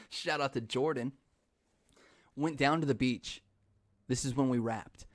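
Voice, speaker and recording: Young male podcast host, mid-pitched, loose and rambling, swears casually. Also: measured pace, pauses often, no echo. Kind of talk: casual chat.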